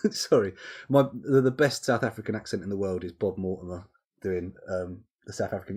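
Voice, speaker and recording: A young man streams a game from home, talking half to himself as he works through menus and drifts into relaxed asides. His voice sits on the low side and has a breathy, husky grain, picked up close on a desk microphone. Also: moderate pace. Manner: thinking aloud, muttering menu items, easygoing asides. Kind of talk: casual live-stream commentary while playing.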